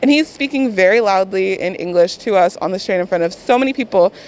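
A woman telling an anecdote in an animated way, acting out what people said. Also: medium pitch, fast, a little hiss or hum, poor audio. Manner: animated storyteller, quotes people vividly. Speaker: interviewee. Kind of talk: lively anecdote.

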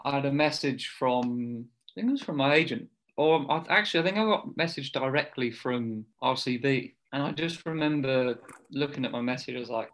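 A man's voice: mid-range voice, a little fast, fairly bright tone. A young man, chatting as a podcast guest and telling loose stories full of "kind of" and "like". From England. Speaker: guest cricketer. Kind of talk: casual podcast chat.

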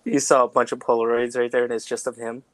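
A man's voice: mid-range voice, level tone, fast talker, fairly bright tone, dry recording. Rambling man, dry close mic. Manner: rambling, heavy on "like" and "you know". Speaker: podcast co-host. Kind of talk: casual chat.

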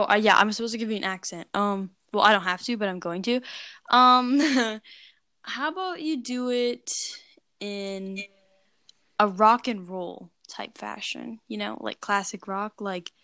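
A woman's voice: mid-range voice, bright, forceful tone, no room sound, clean studio sound. A woman co-hosting a casual podcast, rambling with many fillers and teasing her partner. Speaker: podcast co-host. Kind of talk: casual chat.

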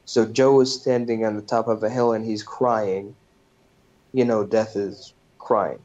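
Podcast guy slowly retelling a movie, swears a lot, ums everywhere, muffled lo-fi sound. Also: on the low side, fairly even intonation, a little mellow. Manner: loose and profane, with frequent fillers. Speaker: podcast host. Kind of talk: casual movie recap. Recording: dull lo-fi recording.

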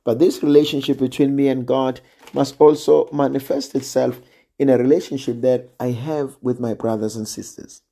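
A man preaching a sermon in a slow, measured way, sometimes dropping almost to a hush for emphasis. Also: medium pitch, steady tone, vocal fry. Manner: slow and measured, drops to near-quiet emphasis.

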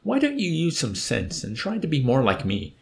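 A man's voice: mid-range voice, huge pitch swings, normal speed, vocal fry, a little hiss or hum, pitched above the performer's own voice. A man voicing a suave, mocking villainous old man in an audiobook. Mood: wry. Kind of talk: audiobook character voice.

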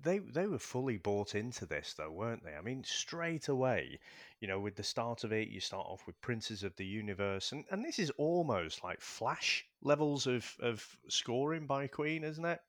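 A man's voice: medium pitch, very animated, normal speed, a bit bright, no echo, clean studio sound. A man co-hosting a film podcast, chatting candidly, swearing freely and laughing easily. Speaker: podcast co-host. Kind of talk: casual film chat.

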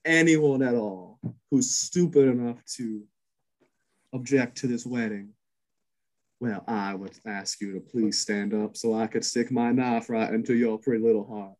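A man doing a low, sneering murderous bride. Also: fairly even intonation, a little slow, a little mellow, lightly acted, poor audio. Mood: menacing. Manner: low, menacing, sneering threat.

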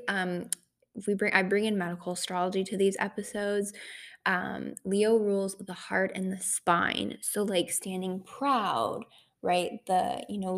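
A young woman hosting an astrology podcast, talking casually and chattily with lots of fillers. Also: mid-range voice. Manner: chatty, full of "like" and "right?" fillers. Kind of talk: casual solo podcast talk.

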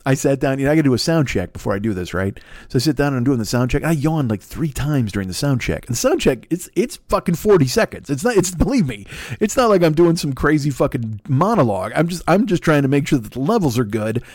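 A man's voice: mid-range voice, sing-song, fast, a little mellow, no echo, clean studio sound. An older man hosting a solo podcast, rambling through profane, self-mocking comic tangents into a laptop microphone. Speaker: podcast host. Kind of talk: solo comedic rant.

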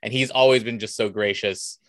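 A man's voice: fairly low pitch, fairly even intonation, a little fast, no room sound. A man from the United States, a cosplayer guest, chatting casually and telling anecdotes with enthusiasm. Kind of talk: casual conversational storytelling.

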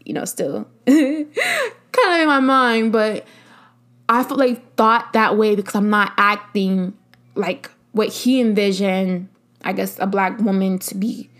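A woman's voice: medium pitch, animated, slow, fairly bright tone. A young adult woman hosting her own podcast, speaking in an earnest, emphatic way and repeating phrases to stress a point. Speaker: podcast host. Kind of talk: casual solo podcast talk.

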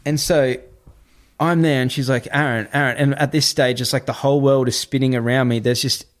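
A man, a podcast guest telling a story in a casual, animated way, often swearing and repeating himself. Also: mid-range voice, a little fast. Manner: animated, repetitive, swears freely.

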